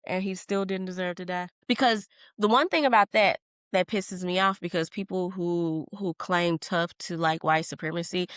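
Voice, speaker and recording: A woman's voice: mid-range voice, a bit bright, no room sound, clean studio sound. A woman hosting a podcast in casual solo talk, answering comments in a heated, blunt and profane way with emphatic outbursts. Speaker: podcast host.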